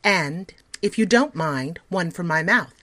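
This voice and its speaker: A woman's voice: lowish voice, lively intonation, unhurried, fairly bright tone. A woman voicing a polite, affable male magic-shop conjurer in a storybook reading, courteous and showy.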